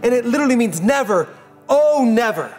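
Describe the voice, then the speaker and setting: A pastor preaches in a notably high male voice. He tells his story earnestly and stacks repeated phrases for weight, while quiet music plays underneath. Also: animated, brisk. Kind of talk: sermon.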